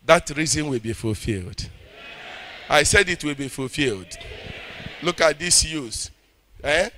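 A man with a Nigerian accent preaching a sermon, fervent, swinging between loud shouting and low intense speech and calling for the audience to respond.

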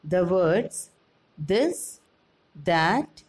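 A woman with an Indian English accent teaching a grammar lesson to children, explaining slowly and clearly and asking them questions. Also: on the low side, big pitch swings, a little mellow, poor audio.

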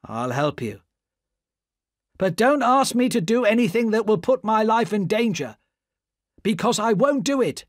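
A scared male spy, put on by a man reading the story, pleading in a high, strained voice that jumps around. He talks slowly in a dry, close sound. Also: sing-song, dry recording. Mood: defensive. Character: frightened male spy pleading for his life.

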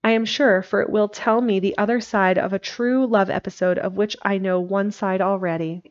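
A woman reading a classic novel aloud, steady with occasional slips and restarts. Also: medium pitch, moderate pace. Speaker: narrator. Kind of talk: audiobook reading. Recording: dull lo-fi livestream recording.

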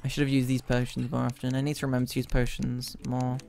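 Gravelly guy ranting at his stream chat over loud game music, jokey fake anger. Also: mid-range voice, monotone, fast. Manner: mock-angry banter with chat. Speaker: gaming streamer. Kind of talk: gameplay commentary.

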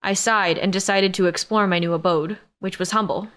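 Woman narrator, first-person audiobook, mid-pitched, steady storytelling. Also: normal speed.

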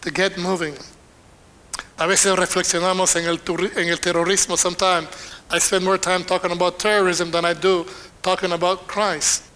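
High, bright-voiced older bilingual preacher. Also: male voice, brisk. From Panama. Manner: switches between Spanish and English line by line, animated. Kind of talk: bilingual sermon.

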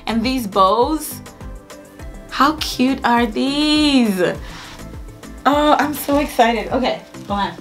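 A young woman chatting through a haul unboxing, gushing and exclaiming with excitement. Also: sits high, slow pace, long pauses, faint music behind. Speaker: haul vlogger. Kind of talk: casual unboxing chat.

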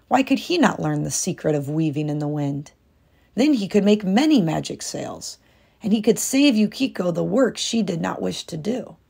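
A woman reading a storybook aloud in calm, measured narration. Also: deep voice, gravelly, husky. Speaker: storybook reader.

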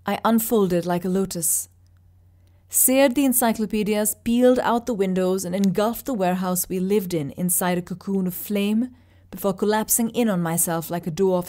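A woman narrating fiction with a steady, vivid delivery. Her voice sits at a middle pitch for a woman. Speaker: reader. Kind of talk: audiobook narration.

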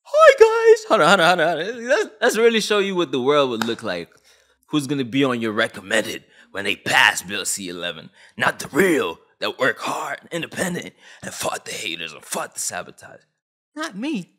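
A man's voice: medium pitch, big pitch swings, normal speed, bright, forceful tone. Young canadian guy ranting to camera, mad and blunt, voice jumping all over. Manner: agitated, blunt, slangy. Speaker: vlogger. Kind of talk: heated opinion rant.

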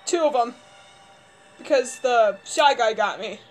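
A young woman commenting on her gameplay, panicking and yelling, her voice strained hoarse from screaming. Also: a little high, animated, a little slow. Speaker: gamer.

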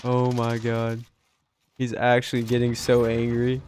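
Young male gaming commentator, rambling and laid-back, breaking into excited laughter and callouts. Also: medium pitch, unhurried, a little hiss or hum. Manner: excitable, laughing, lots of "dude" and "yo"; soft-spoken and rambling in the intro. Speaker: gaming YouTuber. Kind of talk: casual gameplay commentary.

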